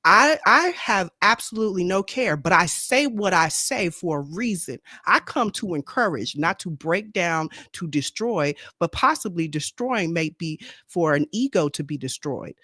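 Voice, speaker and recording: Outspoken lady co-host talking faith, lowish voice, repeats herself, dry mic. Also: lively intonation, normal speed, sharp tone, no room sound. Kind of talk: casual faith talk. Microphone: streaming microphone.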